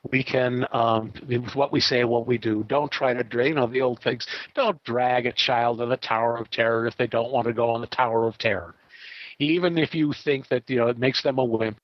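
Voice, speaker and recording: A man's voice: mid-range voice, moderate pace, no echo. A man tells a story as an interview guest and acts out the voices in it with lots of energy. The sound is close and dry, with a slightly dull, muffled top end. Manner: animated, acts out quoted voices. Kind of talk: storytelling anecdote.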